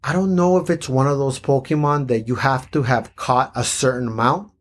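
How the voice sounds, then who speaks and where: A man talks through a comic chapter with a co-host in a loose, casual way. His voice is husky and slightly breathy. He laughs often and jumps his pitch up high to act out the characters' lines. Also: fairly even intonation, normal speed. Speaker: podcast co-host. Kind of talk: casual chat reading a manga aloud.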